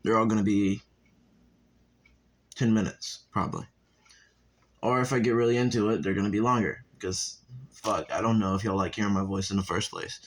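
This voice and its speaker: A man's voice: fairly low pitch, fairly even intonation, normal speed, long pauses, rough recording. A young man casually improvising a fan story, rambling, cursing and breaking off to talk to his viewers. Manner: rambling and profane, with asides to viewers.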